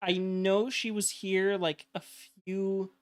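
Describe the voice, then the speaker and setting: A woman's voice: mid-range voice, little pitch movement, takes it slowly. A woman guest chatting casually on a game stream, hesitant with many ums.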